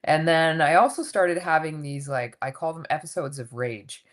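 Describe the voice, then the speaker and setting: A woman's voice: low voice, moderate pace. A woman in her fifties telling her own story candidly as a guest in a casual interview, acting out what people said. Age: 50s. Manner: candid, animated storytelling with acted quotes. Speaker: guest coach.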